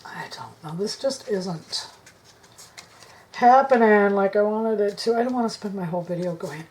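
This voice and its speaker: A woman vlogging her craft work to camera on a tripod, thinking aloud, indecisive, often dropping into soft mutters. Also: mid-range voice, normal speed. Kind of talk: casual crafting chat to camera.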